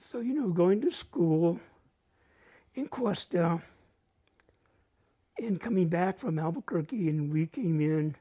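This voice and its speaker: Male storyteller with a northern New Mexico accent, very husky mellow voice, lively and joking in delivery. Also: sits high, slow pace, pauses often. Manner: animated and humorous, mixing Spanish phrases. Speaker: storyteller at a community open mic. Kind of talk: casual personal storytelling.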